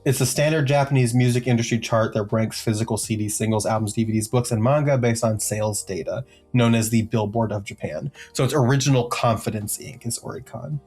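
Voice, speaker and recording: A man co-hosts a music podcast in a medium-pitched, husky, darkish voice, talking a little fast with few pauses. He casually reads out chart positions, rambling with lots of ums and jokey asides.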